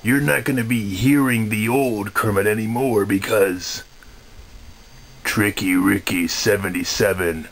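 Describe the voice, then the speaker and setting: A man voicing a smug, mean male puppet frog in a comedy puppet video, talking slowly with sly chuckles. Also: fairly low pitch, steady tone, a bit bright.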